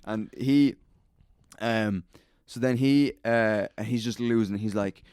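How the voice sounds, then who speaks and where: A man's voice: lowish voice, slow, a little mellow, smooth, dry recording. A man, rambling through a sweary story in a casual podcast chat. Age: late 20s. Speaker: podcast co-host.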